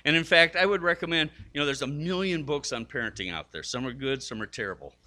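Bright-voiced older male pastor preaching. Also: fast talker. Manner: animated storytelling, acting out quotes with big pitch jumps; self-deprecating. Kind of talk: sermon.

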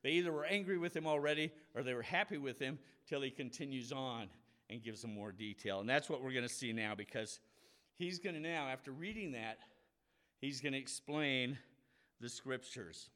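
A man's voice: medium pitch, normal speed, fairly bright tone. Male preacher, casual explanatory Bible teaching, mid-range voice, acts out quoted lines.

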